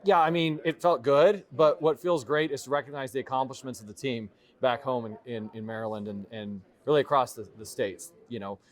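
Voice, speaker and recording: A middle-aged man answers interview questions at a conference. He talks in a thoughtful, halting way, often restarting his sentences, and his pitch sits in a middle range. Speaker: award-winning guest. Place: conference venue.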